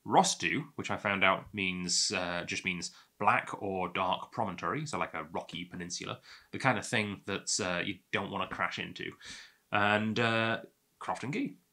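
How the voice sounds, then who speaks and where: Host voice: man, a bit low, bright tone, rambling and self-amused tasting chat. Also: moderate pace. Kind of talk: casual tasting monologue.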